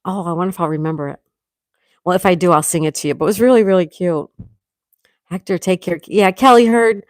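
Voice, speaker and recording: A woman with a sore throat hosts a relaxed morning livestream, greeting viewers by name and reading their comments aloud. Her voice sits a little low, and the sound is dry and close to the mic. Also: no echo. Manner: chatty, reads out comments, frequent laughs. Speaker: livestream host reading chat. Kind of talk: casual live chat with viewers.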